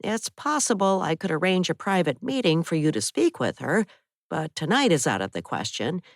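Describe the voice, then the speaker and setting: A woman reading the part of a cautious male violin teacher in an audiobook, speaking softly and soothingly. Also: on the low side, very animated, normal speed, no echo, studio quality. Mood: measured. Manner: soft, soothing delivery. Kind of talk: audiobook character voice.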